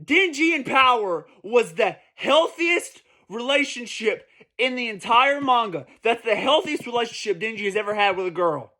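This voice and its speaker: High, bright-voiced ranting man. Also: lively intonation, normal speed. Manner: emphatic, profane, repeats points for stress. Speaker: manga commentary vlogger. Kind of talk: casual ranting commentary.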